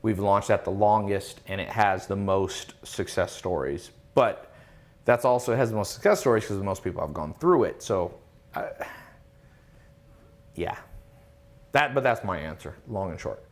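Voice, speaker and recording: A man's voice: on the low side, animated, normal speed, long pauses. A man hosting a casual live Q&A, reading out viewer questions and answering them in a confident, emphatic, lecturing way with rhetorical questions. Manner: reads out chat questions, then answers.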